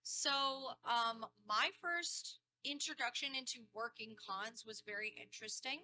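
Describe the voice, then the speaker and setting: Woman cosplay panelist, bright voice, slightly high, friendly storytelling, casual panel talk. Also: measured pace, poor audio. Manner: friendly storytelling with quoted asides. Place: convention panel room.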